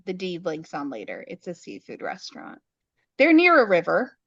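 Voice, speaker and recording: A woman co-hosting a podcast in casual chat, recapping a story in detail with wry, deadpan asides. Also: lowish voice, moderate pace, no echo. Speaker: podcast co-host. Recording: dull lo-fi podcast audio.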